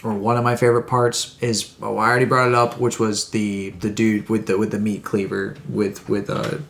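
A man's voice: fairly low pitch, flat delivery, moderate pace, creaky, fairly bright tone. A man co-hosting a podcast in casual chat, rambling and correcting himself as he goes. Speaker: podcast co-host.

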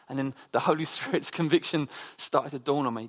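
A man preaching a conversational sermon, telling personal stories in a chatty, animated way with frequent restarts. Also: mid-range voice, normal speed.

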